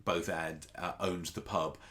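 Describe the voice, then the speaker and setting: A man's voice: low-pitched, steady tone, a little slow, fairly bright tone. A man co-hosting a casual podcast, rambling and thinking aloud with restarts. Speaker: podcast co-host. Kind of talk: casual chat about a TV soap.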